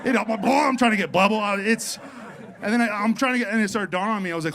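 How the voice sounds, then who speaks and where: Male comic with a lightly raised pitch, working a club room, animated and profane; some low background noise. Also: fairly quick, a crowd in the background. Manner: energetic, swearing, animated delivery with acted-out quotes. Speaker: stand-up comedian. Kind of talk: stand-up storytelling. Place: comedy club stage.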